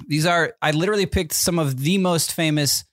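A man's voice: a little high, a little fast, no room sound, studio quality. A man hosting a podcast, playfully teasing his co-host while running a movie quote game. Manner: playful, teasing, rambling with fillers. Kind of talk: casual chat, running a quiz game.

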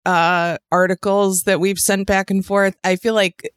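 A woman's voice: mid-range voice, flat delivery, a little slow, smooth, no echo. A woman comedian co-hosting a podcast in casual chat, bubbly and gushing.

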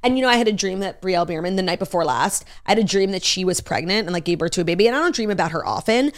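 A woman's voice: lowish voice, animated, racing. A woman co-hosting a podcast in casual chat, gushing and opinionated, swearing freely. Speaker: podcast co-host.

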